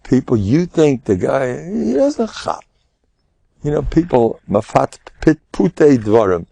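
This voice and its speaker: An older man, giving an animated storytelling class as a rabbi. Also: mid-range voice, measured pace, vocal fry. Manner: animated, acts out quotes in raised voices, laughs often. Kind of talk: lively storytelling lecture.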